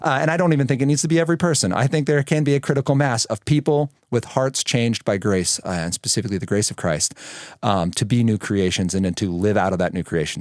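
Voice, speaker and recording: A man in his thirties, a podcast guest telling stories in a lively conversational way and acting out the voices he quotes. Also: lowish voice, dry recording, clean studio sound. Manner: animated, acts out quoted voices. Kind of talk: conversational storytelling.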